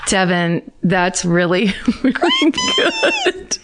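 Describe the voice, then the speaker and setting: A woman's voice: on the high side, huge pitch swings, noisy background. A middle-aged woman co-hosting a podcast, chatting loosely, laughing easily and reading listener letters aloud. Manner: chatty, rambling, quick to laugh. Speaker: podcast co-host.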